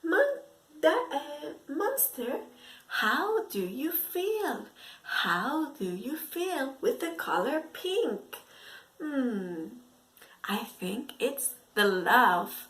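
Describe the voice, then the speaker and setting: Slow, lively woman teaching preschoolers. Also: high voice. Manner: slow, exaggerated and expressive, with gasps and whispered asides. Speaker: English teacher for young children. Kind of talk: storytelling lesson for preschoolers.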